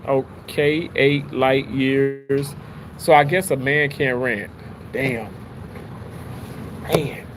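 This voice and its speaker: A man hosting a casual livestream, chatting with viewers in an animated, rambling way, full of restarts. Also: slow, long pauses, noisy background. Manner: animated, rambling, with frequent restarts and pitch jumps. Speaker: livestream host reading chat.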